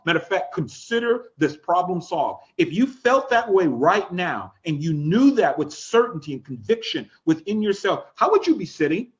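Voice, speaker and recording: A man leading a coaching class, energetic and coaxing, repeating instructions and laughing often. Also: high voice, normal speed, hardly any pauses, lo-fi sound. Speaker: life coach. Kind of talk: live-streamed coaching class.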